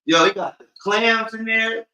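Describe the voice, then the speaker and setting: A man talks in a hyping, promotional way in casual chat. His voice is bright and a bit high, and it echoes around the room. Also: measured pace.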